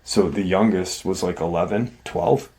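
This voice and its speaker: A man's voice: low voice, unhurried, darkish tone. A man hosting a paranormal channel, casually retelling an encounter story in a rambling, conversational way. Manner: rambling and conversational, many "like" and "you know".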